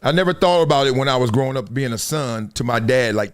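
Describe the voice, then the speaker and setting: Lively, playful man hosting a sports stream. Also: fast talker, smooth. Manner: animated, playful, laughing, jumps between high and low tones. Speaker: host. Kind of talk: casual livestream sports commentary.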